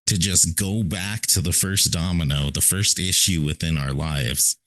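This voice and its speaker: Very deep-voiced man musing on a podcast. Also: steady tone, a little slow, a bit bright, no room sound. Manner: rambling, emphatic, repeats "right?". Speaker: podcast co-host. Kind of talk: casual philosophical chat.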